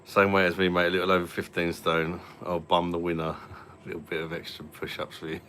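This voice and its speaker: Very deep-voiced man, forceful. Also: little pitch movement, fairly quick, a little hiss or hum. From London. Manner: rambling, chatty, full of fillers and repeats. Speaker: live-stream host. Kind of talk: casual live-stream chat.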